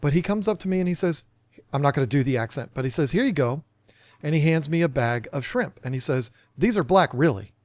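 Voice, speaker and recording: A man co-hosting a podcast, telling a self-deprecating story in a casual, animated way and acting out the dialogue. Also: a little high, fast talker, dry recording. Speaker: podcast co-host.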